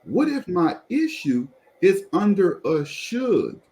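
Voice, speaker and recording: A pastor telling a personal testimony in conversation, animated and repeatedly drawing the listener in to follow along. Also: male voice, sits high, slow pace, poor audio.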